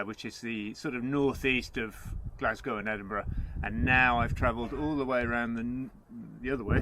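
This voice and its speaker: A man's voice: mid-range voice, pushed and bright. A man hosting a travel and cycling vlog, talking casually to camera outdoors in the countryside, chatty with wry jokey asides, sometimes while riding a bike. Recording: noisy outdoor recording. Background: outdoor background noise.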